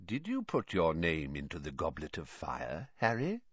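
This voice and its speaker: An old wizard headmaster, very deep and husky. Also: male voice, wildly swooping pitch, normal speed, no echo, exaggerated voice. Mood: probing. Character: stern elderly male wizard headmaster. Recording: dull lo-fi film clip.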